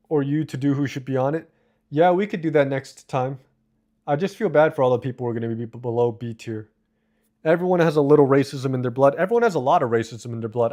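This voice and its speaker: Guy on a live stream reading comments, swears a lot, goes off on tangents, voice a bit high. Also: darkish tone. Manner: profane, rambling, quick asides.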